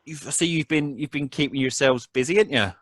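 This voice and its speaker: Jovial little halfling boss, bright and high, put on by a man. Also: quick pace, no room sound, clean studio sound, lightly acted. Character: small chubby friendly male halfling boss.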